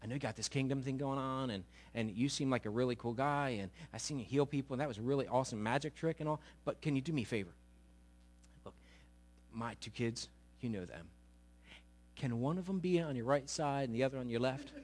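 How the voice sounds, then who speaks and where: A pushy mother fawns and wheedles in a low, hushed, chatty tone, as a male preacher puts her on. She slips in flattery between every request, casual and almost conspiratorial. It sounds like a comic retelling inside a sermon. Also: a little fast, lightly acted. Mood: wheedling.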